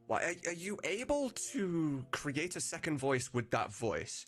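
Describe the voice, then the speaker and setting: A man's voice: a little high, sing-song, unhurried, a bit bright, soft background music. A man who hosts a live stream and creates mods, explaining his plans in casual chat with restarts and chuckles. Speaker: mod creator, host.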